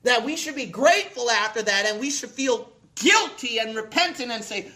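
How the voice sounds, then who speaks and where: A man delivers a fervent sermon in a notably high voice. His tone is bright and ringing. He builds through repeated phrases and rhetorical questions, dropping low and then bursting out loud. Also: expressive, normal speed, few pauses. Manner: impassioned, swings between hushed lines and sudden shouts. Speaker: preacher.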